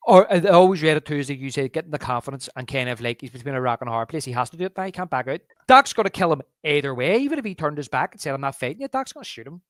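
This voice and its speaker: A man co-hosting a movie podcast, casually retelling film scenes and quoting their lines in a lowered drawl. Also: lively intonation, racing, hardly any pauses, a bit bright, no echo, clean studio sound. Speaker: podcast co-host. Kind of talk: casual movie review chat.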